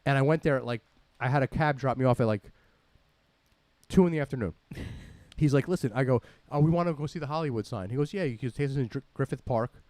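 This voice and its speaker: A man hosting a podcast, telling a story in rambling, animated bursts and swearing freely. He talks very fast at an average pitch. The sound is dry, with no room around it. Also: no echo. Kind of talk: casual profane storytelling.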